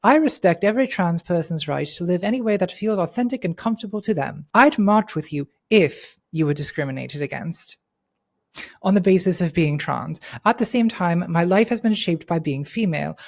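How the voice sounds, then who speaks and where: A man's voice: sits high, expressive, moderate pace, vocal fry, exaggerated voice. A man reading out posts as a prim English woman author, in a mocking put-on English accent. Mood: mock-earnest. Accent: mock English. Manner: mocking, over-precise recital.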